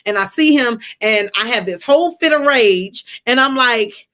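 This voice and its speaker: A woman, telling a personal story on a live stream in a conversational, animated way and talking to viewers as y'all. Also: high voice, normal speed, hardly any pauses. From Atlanta area, US. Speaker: livestream host. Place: home, during a rainstorm.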